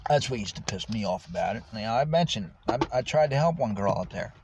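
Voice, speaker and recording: With a fairly low voice, animated and quick, a homeless man talks casually about his life on camera, cursing as he rambles. Dull lo-fi sound with faint noise marks his vlog.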